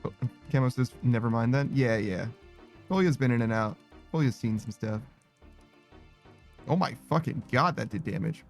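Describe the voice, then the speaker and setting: A man giving casual, profane, excitable commentary while streaming a game. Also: medium pitch, normal speed, gravelly, pauses often, soft background music. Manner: profane, excitable, laughing asides.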